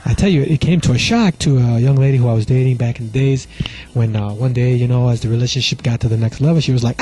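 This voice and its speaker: Brief: male stand-up, husky, mellow voice, rambling monologue with frequent asides. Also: mid-range voice, quick pace. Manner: rambling, many filler asides. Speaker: stand-up comedian. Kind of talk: comedy monologue.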